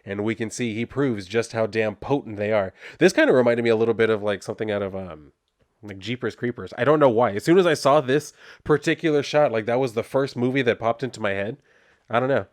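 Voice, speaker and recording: A man's voice: mid-range voice, a little fast, no echo, studio quality. Casual, rambling male comic reviewer. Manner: rambling, laughs often, many fillers.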